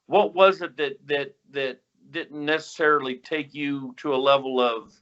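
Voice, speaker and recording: Bright-voiced male interviewer, muffled sound. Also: fairly high pitch, steady tone, moderate pace, hardly any pauses. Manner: rambling, searching questions. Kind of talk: conversational interview.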